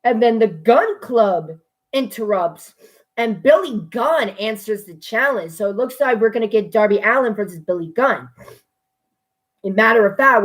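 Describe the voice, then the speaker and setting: A woman giving a casual spoken review of a wrestling show, excitable and profane, breaking into gushing shouts. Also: mid-range voice.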